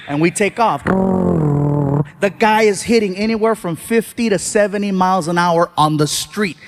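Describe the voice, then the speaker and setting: A man telling animated stand-up stories, breaking into shouts on the punchlines. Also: sits high, normal speed, slight background noise. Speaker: stand-up comedian. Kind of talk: stand-up storytelling.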